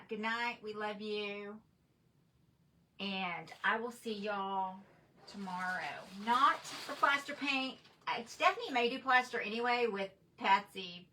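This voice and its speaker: A woman's voice: mid-range voice, pushed and bright, far from the mic, poor audio. A woman hosting a crafting livestream, chatting casually and reading viewer comments aloud in a rambling way. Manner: chatty, rambling, with frequent restarts and fillers.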